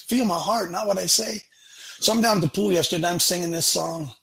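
A man with a husky voice hosts a fiery, preaching talk. He speaks bluntly and drives his points home by repeating them. The tone is bright and forceful. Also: high voice, moderate pace, poor audio. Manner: emphatic, blunt, repeats lines for punch. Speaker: show host.

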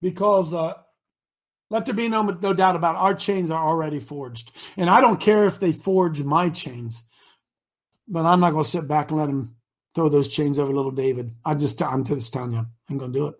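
A man's voice: a little high, fairly quick. A man hosting a live talk show, preachy and rousing, rambling between points. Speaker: host.

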